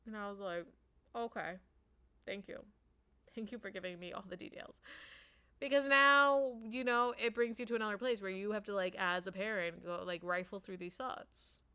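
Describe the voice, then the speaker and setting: Bright, chatty woman telling a story. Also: mid-range voice, normal speed, smooth. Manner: chatty, acts out quotes, many "like" fillers. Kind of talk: casual storytelling monologue.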